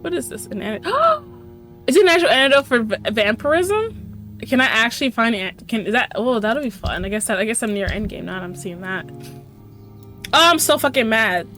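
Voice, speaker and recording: Woman let's-play host: high voice, profane, sarcastic ranting commentary. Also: big pitch swings, fairly quick, fairly bright tone, soft background music. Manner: talks to the game characters. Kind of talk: gameplay commentary.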